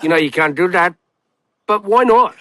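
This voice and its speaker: A middle-aged man, a guest telling stories in casual chat, excitable and blunt. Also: high-pitched, normal speed, dry recording. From New Zealand. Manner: excitable storyteller, blunt and candid.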